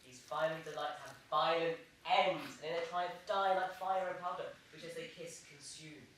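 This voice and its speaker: Stage role: actor playing a measured, cautioning friar, very echoey hall, audible noise. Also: medium pitch, fairly even intonation, fairly bright tone, close to an everyday voice. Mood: solemn. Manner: measured, sermon-like counsel. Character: wise cautioning male friar. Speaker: student actor. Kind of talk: stage acting. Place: theatre stage. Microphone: far camera. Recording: very echoey stage, noisy, from far off.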